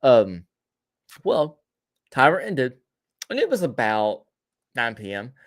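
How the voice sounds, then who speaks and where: A man in a casual podcast chat, spinning a long tale at an ordinary middle pitch. He trips over words, doubles back and restarts often, and lets out a laugh here and there. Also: huge pitch swings, slow pace. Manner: laughs between lines. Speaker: podcast co-host. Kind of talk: casual spooky storytelling.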